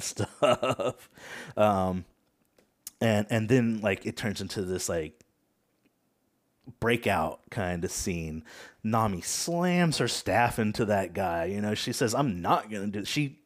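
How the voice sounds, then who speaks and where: A man with a lowish voice hosts a laid-back podcast discussion. He talks loosely, with plenty of fillers and quick laughs between thoughts. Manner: relaxed, hesitant, laughing often. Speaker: podcast host. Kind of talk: casual chat.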